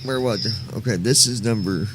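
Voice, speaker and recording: A man's voice: fairly low pitch, brisk, noisy background. A man hosting a casual live stream, talking on a headset mic and joking with viewers while he tests his audio. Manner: playful, joking, testing his mic aloud. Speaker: streamer host.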